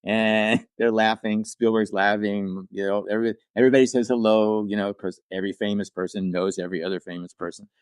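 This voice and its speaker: A man's voice: on the low side, fairly even intonation, fairly quick, few pauses, smooth, dry recording. An older man, a podcast guest and actor-writer, telling a rambling anecdote casually, with asides and restarts. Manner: acts out quoted people in livelier voices.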